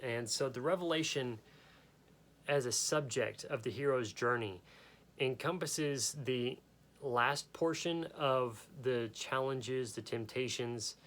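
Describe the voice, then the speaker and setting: Guy with hiccups rambling through a photo talk, average pitch, keeps restarting his sentences. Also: slow, a bit bright. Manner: rambling, with frequent restarts and self-corrections. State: has the hiccups. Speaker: photography podcast host. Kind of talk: casual unscripted talk.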